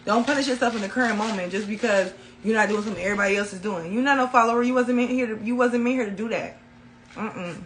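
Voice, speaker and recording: A woman's voice: on the high side, fast, fairly bright tone, slight background noise, rough recording. A woman talking casually to her viewers about spirituality, emphatic and colloquial, repeating key phrases for effect. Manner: casual colloquial speech, addresses viewers as y'all. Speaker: spiritual reader.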